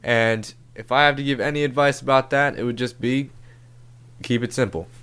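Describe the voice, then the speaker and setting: A man's voice: medium pitch, steady tone, moderate pace, fairly bright tone, clear, resonant tone. A man hosting a comedy podcast, giving relationship advice in a casual, profane, laid-back way. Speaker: podcast host.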